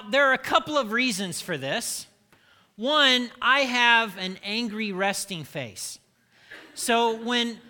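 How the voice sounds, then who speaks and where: A man's voice: high-pitched, bright, forceful tone. A middle-aged man preaching a sermon, telling candid, self-deprecating stories about himself. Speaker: pastor.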